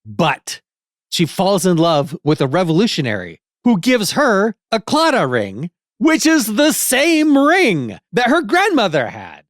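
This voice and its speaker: A man co-hosting a podcast, pitching a story idea and joking with the others. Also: wildly swooping pitch, unhurried, dry recording, studio quality. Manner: laughs easily, swears casually. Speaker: podcast co-host. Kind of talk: casual chat.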